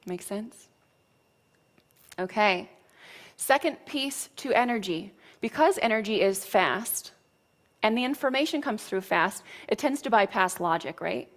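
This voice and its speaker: Woman coach giving a spiritual pep talk, blunt and chatty, swears a little, mid pitch. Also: animated, measured pace. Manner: frank and casual, with mild cursing and frequent "right?" check-ins. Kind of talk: motivational teaching talk.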